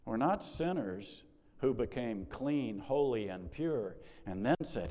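A man's voice: medium pitch, expressive, takes it slowly, warm tone. Male pastor, middle-aged, conversational sermon, emphatic peaks, church sanctuary, long reverb.

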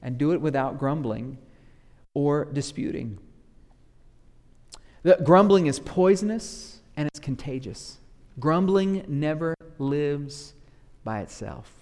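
A man preaching with animated, rising emphasis and a slightly high voice. His words ring out with a long reverb, as in a church sanctuary. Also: slow pace, long pauses. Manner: animated preaching, acts out grumbling church members in asides. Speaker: pastor. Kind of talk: sermon.

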